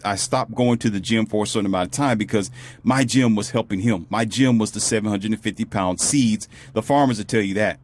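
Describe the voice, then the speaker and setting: A man's voice: medium pitch, no room sound. A man telling a personal story in a casual vlog, acting out other people's lines as he goes. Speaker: vlogger.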